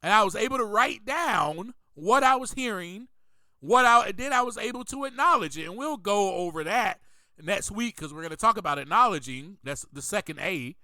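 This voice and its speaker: A man with a high, lively voice delivers a motivational podcast monologue. He speaks slowly and emphatically, driving his points home through repetition. The sound is bright and dry, with no room around it. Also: no room sound. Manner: emphatic, repeats key phrases, preacher-like. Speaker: podcast host.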